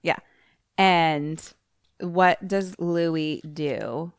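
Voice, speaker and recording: A woman's voice: sits low, very slow, smooth, no room sound, studio quality. A woman co-hosting a podcast in casual chat, rambling as she recaps a film and breaking into raised voices when she quotes characters. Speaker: podcast co-host.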